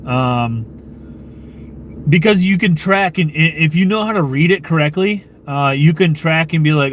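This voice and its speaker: A man's voice: fairly high pitch, normal speed, a little hiss or hum. A man from the United States hosting his own channel, chatting casually and loosely with live-stream viewers, swearing and chuckling as he goes. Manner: rambling and relaxed, with frequent fillers, swearing and chuckles.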